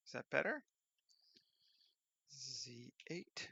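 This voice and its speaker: A man's voice: medium pitch, extremely slow, vocal fry, long pauses, sharp tone, slightly rough, dry recording, dull audio. A man working on a 3D scene who thinks aloud, muttering half-finished commands to himself.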